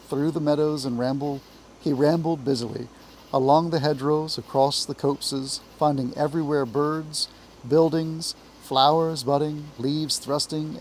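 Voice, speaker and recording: A man from Appalachia with an Appalachian accent, reading a classic children's book aloud in a measured, expressive way. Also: a little high, a little hiss or hum, rough recording. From Appalachia, US South. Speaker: reader, teacher.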